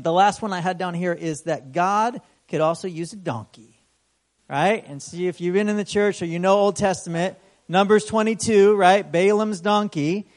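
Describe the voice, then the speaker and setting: High-voiced man preaching conversationally. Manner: conversational, often asks "right?"; animated storytelling with voiced exclamations. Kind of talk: sermon.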